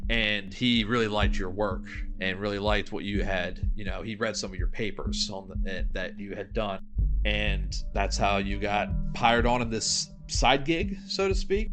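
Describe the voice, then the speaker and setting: A man narrating as game master, relaxed and explanatory as he sets the scene. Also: on the low side, normal speed, music in the background.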